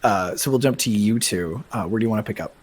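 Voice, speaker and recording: Casual game master, male, low-pitched, rambling and laughing, slight background noise. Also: fast. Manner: chatty, laughing, many restarts. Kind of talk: narrating a tabletop game.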